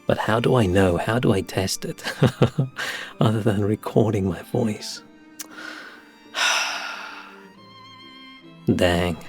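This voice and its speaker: A man chatting casually on a game stream, rambling and sighing with self-deprecating remarks, his soft speech slightly mumbled, into a desk microphone at his home setup. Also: on the low side, creaky. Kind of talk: casual live-stream chat before gameplay. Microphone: desk microphone with compressor and equalizer.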